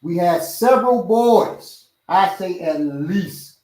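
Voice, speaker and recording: Middle-aged man, martial arts instructor, lively storyteller, high pitch, roomy distant mic. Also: takes it slowly. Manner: animated, acts out quoted voices loudly. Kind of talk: casual storytelling chat.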